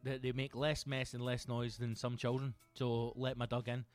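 A Scottish man hosting a comedy podcast, telling sweary, animated stories in a monologue. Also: mid-range voice, moderate pace, faint music behind. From Scotland.

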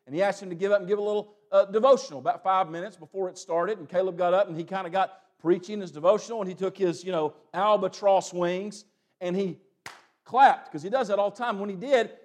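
A young man preaching a sermon, breaking into loud calls between plain teaching and quick asides. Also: high-pitched.

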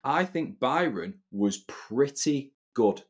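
A man's voice: medium pitch, animated, takes it slowly. British male podcast co-host, casual and swears freely. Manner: chatty, opinionated, swearing freely. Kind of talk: casual chat.

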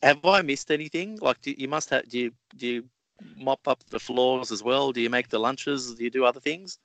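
A man's voice: medium pitch, brisk, gravelly, fairly bright tone, no echo, low-quality recording. A man hosting a podcast interview, introducing and questioning his guest in a friendly, teasing way. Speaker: podcast host.

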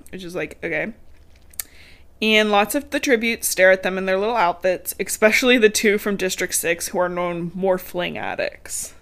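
A woman's voice: mid-range voice, moderate pace, a bit bright. A woman, chatting casually on a podcast as she recaps a book, laughing often and swearing freely. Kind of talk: casual chat.

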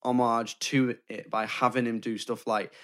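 A man's voice: mid-range voice, flat delivery, normal speed. A man co-hosting a podcast, talking through films in a thoughtful, list-building way. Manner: thoughtful, builds points in lists. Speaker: podcast co-host. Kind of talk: casual film discussion.

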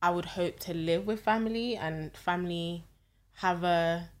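A woman's voice: lowish voice, a little slow. A woman, chatting casually and playfully as a podcast co-host, often laughing. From London, England. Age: 20s. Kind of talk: casual chat.

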